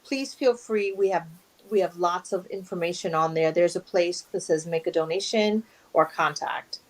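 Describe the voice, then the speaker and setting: Woman talking about her event, earnest and animated, just chatting on an interview. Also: lowish voice, normal speed, low-quality recording. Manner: earnest, animated, emotional at times. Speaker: guest, charity event organizer. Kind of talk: casual interview talk.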